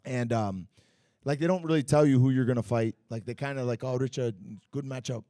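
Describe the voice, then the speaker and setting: A Muay Thai fighter telling stories in a casual podcast interview at a bar and grill, animated and profane, full of fillers. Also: male voice, mid-range voice, a little fast, dry recording, clean studio sound.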